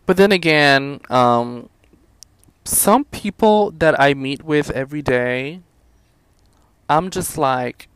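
A young man venting about his fast food job in a profane, animated, sassy rant. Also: fairly high pitch, smooth, dry recording. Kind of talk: casual rant to camera.

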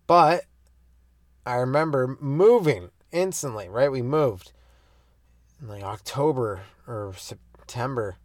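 A man's voice: mid-range voice, animated, takes it slowly, pauses often, dry recording, studio quality. Loose, swearing comedian man on a podcast. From Canada. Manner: loose and profane, hopping between goofy bits and stories. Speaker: stand-up comedian hosting a solo podcast. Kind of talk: rambling solo podcast storytelling.

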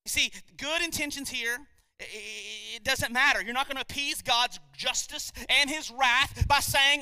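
High, bright-voiced emphatic preacher. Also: male voice, normal speed, vocal fry, clear, resonant tone, no echo. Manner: emphatic, rhetorical questions, rising intensity. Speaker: pastor. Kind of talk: sermon.

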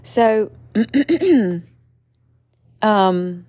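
A woman speaks very slowly in a warm, animated voice, recorded dry. Her casual storytelling monologue about her own life wanders candidly, packed with fillers and restarts, and she breaks into sudden shrill outbursts when imitating other people.

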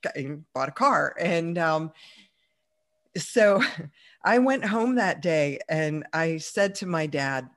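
A woman's voice: low-pitched, lively intonation, takes it slowly, a bit bright. A woman as an interview guest, chatting through a personal story with plenty of fillers and easy laughs. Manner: chatty, many fillers, laughs while telling.

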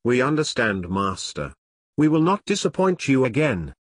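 Man doing a servile pale demon, grovelling, lively pitch, dry voice. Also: normal speed, dry recording.

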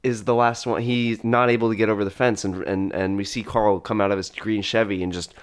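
A man's voice: on the low side, level tone, brisk, clear, resonant tone. A man narrating an improvised comedy story with loose fillers.

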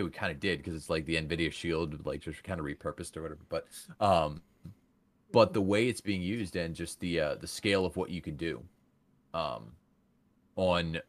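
A man with a very deep voice talks in a casual podcast chat, with lots of "like" and many restarts. The sound is dry and close, with no room echo. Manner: filler-heavy, many restarts.

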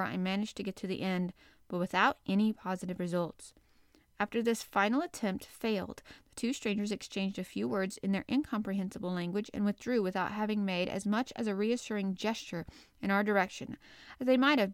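A woman narrating a classic adventure novel in a clear, measured reading voice. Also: mid-range voice, no room sound, studio quality. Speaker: audiobook narrator. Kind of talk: scripted narration.

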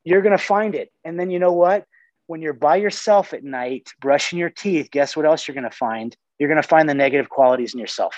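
A man's voice: on the high side, a little fast, dry recording. A man in casual podcast conversation, talking earnestly, swearing casually and often restarting his sentences. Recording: dull lo-fi sound.

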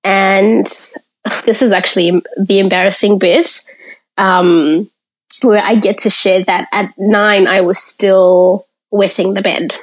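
A woman's voice: mid-range voice, steady tone. A woman from Africa, a podcast guest, telling her personal story in an interview in a candid, reflective way. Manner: candid and reflective, pausing to gather thoughts.

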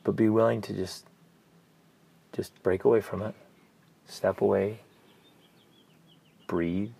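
A man speaks in an earnest, conversational podcast manner, like a coach walking listeners through a story. His voice sits low with a gravelly, slightly husky texture. On his key points he lowers to a soft, nearly whispered delivery. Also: fairly even intonation, slow pace. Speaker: podcast host and family coach. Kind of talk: casual podcast chat.

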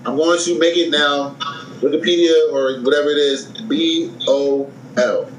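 A man's voice: on the high side, a little slow. A man with a Philadelphia accent in casual chat, arguing bluntly and swearing freely. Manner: blunt, profane, animated arguing. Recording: echoey room with faint noise.

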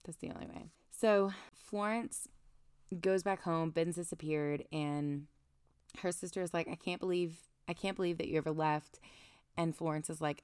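A woman's voice: low-pitched, fairly even intonation, moderate pace, darkish tone, clean tone, no room sound, studio quality. A young woman co-hosting a casual book podcast, chattily recapping the plot with lots of "like". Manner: chatty, recaps plot with quoted asides and frequent "like". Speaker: podcast co-host.

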